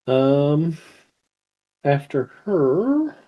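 A man acting as game master, calmly narrating turns and explaining rules of a tabletop game. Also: a little high, highs cut off. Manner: measured, explains rules with fillers.

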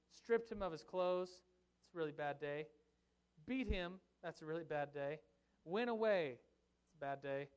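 A young man preaching a sermon as pastor, telling a Bible story in an animated, joking way with asides to his congregation. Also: fairly high pitch, clean tone.

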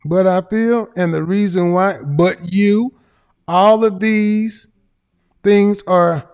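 A man's voice: high-pitched, slow pace, a little mellow, clear, resonant tone. A man giving casual livestream commentary in a blunt, emphatic, profane lecturing manner. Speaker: streamer and commentator.

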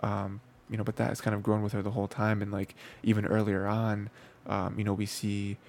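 A man's voice: lowish voice, monotone, brisk, gravelly, a little mellow. A man hosting an anime review show, talking casually with lots of fillers and restarts. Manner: rambling, filler-heavy, frequent restarts.

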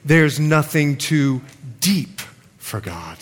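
A male pastor preaching a sermon in a church, animated and playful with his audience. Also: a little high, slow pace, slight background noise. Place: church sanctuary. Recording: long hall reverb, congregation audible. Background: congregation.

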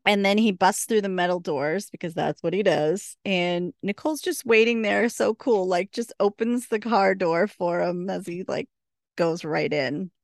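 Chatty woman with a gravelly low voice. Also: normal speed, no room sound, studio quality. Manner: chatty, laughs often, full of fillers and retold dialogue. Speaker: podcast co-host. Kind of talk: casual episode recap.

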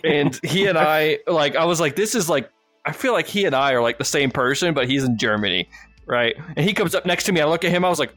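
A man hosting a casual podcast with a slightly high voice, telling long, rambling stories full of swearing and frequent laughs. He acts out other people's lines as he tells them. The sound is dry, with faint music underneath. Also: animated, fast, a bit bright, no room sound. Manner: rambling storyteller, swears freely, laughs often. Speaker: podcast host. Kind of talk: casual chat.

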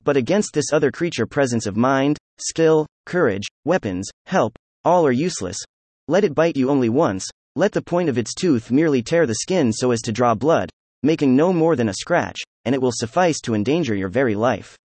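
A man narrates an old storybook in a steady, even reading voice at a middle pitch. The recording is close and dry, with no room sound. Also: moderate pace, no room sound. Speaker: audiobook narrator. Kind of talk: scripted narration.

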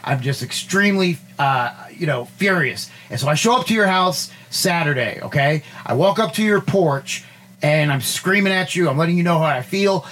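A man with a somewhat high voice tells a story in a loose, rambling way, with plenty of fillers and restarts. He sounds casual and animated. There is faint hiss in the background. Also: moderate pace. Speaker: podcast co-host.

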